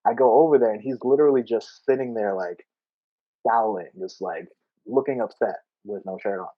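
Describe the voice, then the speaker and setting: A man co-hosting a podcast, telling a story in casual chat, animated and laughing as he acts out what people said. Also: lowish voice, moderate pace, phone-quality sound. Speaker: podcast co-host.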